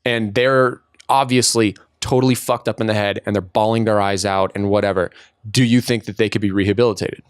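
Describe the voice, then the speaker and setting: A man's voice: fairly low pitch, fairly even intonation, fairly quick, clean tone, dry recording, clean studio sound. A man co-hosting a podcast in casual chat, agreeable and chiming in often. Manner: agreeable, chimes in with backchannels. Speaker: podcast co-host.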